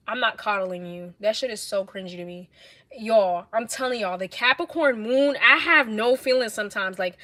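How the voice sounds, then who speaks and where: A young woman with a New York accent, livestreaming and telling blunt, animated stories in casual chat. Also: medium pitch, no room sound. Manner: blunt, animated, swears a lot.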